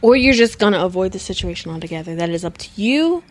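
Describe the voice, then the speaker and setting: A woman's voice: mid-range voice, animated, fast. A woman co-hosting a casual podcast chat, talking in an emphatic, lecturing way as she hands out advice. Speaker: podcast co-host.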